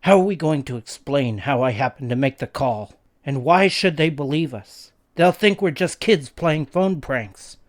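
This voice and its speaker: A man's voice: on the high side, lively intonation, measured pace, hardly any pauses. Cocky prankster teen boy, read by a guy, brash and teasing. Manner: brash, mocking.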